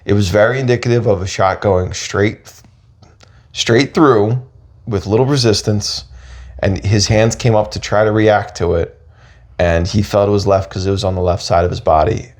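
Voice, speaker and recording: A man's voice: on the low side, steady tone, moderate pace. A man co-hosting a podcast, talking in a rambling, casual way with frequent restarts. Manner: rambling, restarts often, thinks aloud. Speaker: podcast co-host. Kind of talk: casual chat.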